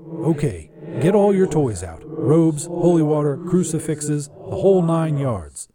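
A man's voice: a little high, sing-song, a little slow, a crowd in the background, pitched above the performer's own voice. A man voicing a brash, impatient male demon with scales and wings, talking crude and pushy in a storybook reading. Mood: bossy. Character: gruff impatient male demon, scaly and winged.

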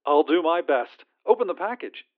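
A man's voice: on the high side, expressive, normal speed. A man doing a syrupy cheerful phone agent. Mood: sweetly insistent. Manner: syrupy customer-service politeness. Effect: phone filter. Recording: tinny phone line.

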